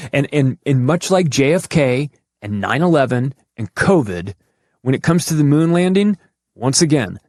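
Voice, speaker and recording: A man's voice: mid-range voice, darkish tone, no room sound, studio quality. A man talking on a podcast in a casual monologue, sarcastic and profane, with frequent restarts and trailing asides. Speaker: podcast guest.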